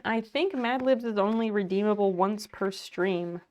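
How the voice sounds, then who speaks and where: A woman's voice: medium pitch, normal speed, darkish tone. A woman livestreamer chatting casually at home, thanking viewers by name while sewing.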